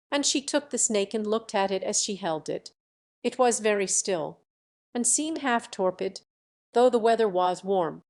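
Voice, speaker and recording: Lady reading an old fairy tale audiobook, steady and measured, mid-pitched voice. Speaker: audiobook narrator. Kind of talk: storybook narration.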